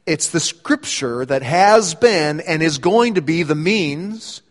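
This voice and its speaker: Male pastor mid-sermon, lively teaching delivery, slightly higher voice, echoing hall. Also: takes it slowly. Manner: animated preaching, rising for quoted lines.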